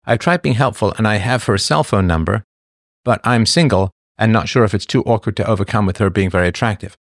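A man's voice: on the low side, brisk, no echo, studio quality. A middle-aged man hosting a casual livestream, chatting, laughing and giving blunt advice to viewers. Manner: chatty and blunt, laughs often, drifts off topic. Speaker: livestream host answering viewer questions. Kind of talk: casual chat.

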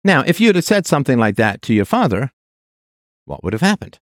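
A man's voice: mid-range voice, sing-song, brisk, no room sound, studio quality. A man hosting a call-in advice show, talking in an impassioned way and stacking emphatic lists.

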